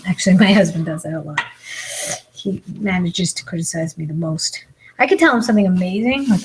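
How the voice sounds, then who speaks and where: A woman in her forties chatters as she eats on a live video, with a running stream of complaints and self-mockery. Her voice sits at an ordinary middle pitch. Faint background noise is heard under the close recording. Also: fast talker, low-quality recording. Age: 40s. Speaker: comedian and mukbang vlogger. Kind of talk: casual chat while eating.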